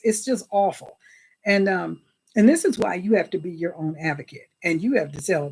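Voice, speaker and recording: A woman's voice: fairly low pitch, normal speed, slightly rough. A woman chatting casually on a livestream, greeting viewers by name and often thanking God and Jesus. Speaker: livestream host.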